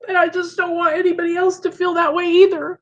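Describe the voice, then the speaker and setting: A woman's voice: extremely high pitch, little pitch movement, quick pace, highs cut off. A woman hosting a live stream, talking earnestly and emotionally to her viewers over a video call. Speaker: live show host in recovery.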